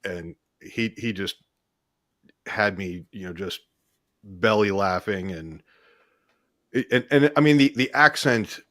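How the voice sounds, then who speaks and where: A man's voice: on the low side, takes it slowly, long pauses, a bit bright, no echo, studio quality. A man co-hosting a casual video-call chat, telling stories with many restarts. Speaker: co-host.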